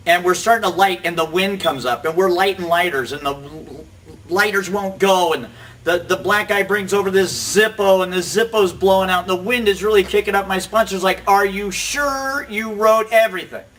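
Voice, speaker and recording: A man's voice: sits high, fairly bright tone, recorded from a distance. Man telling a story from off the mic. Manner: rambling, self-deprecating, quotes people in quick asides. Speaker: recovery show host telling his story. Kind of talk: casual storytelling.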